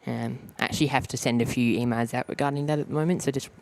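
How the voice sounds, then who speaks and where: A man, hosting a casual plane-spotting live stream outdoors, easygoing and halting, often repeating words. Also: medium pitch, steady tone, vocal fry. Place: outdoors at an airport.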